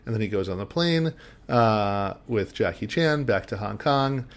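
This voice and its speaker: A man's voice: fairly low pitch, animated, a little slow. A man co-hosting a podcast, recapping a film in casual chat and rambling with lots of ums. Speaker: podcast co-host.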